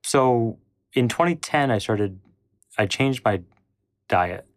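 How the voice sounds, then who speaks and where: A man's voice: medium pitch, lively intonation, slow pace, no echo, clean studio sound. A man telling a personal story, rambling with frequent restarts and acting out what people said. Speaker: channel host.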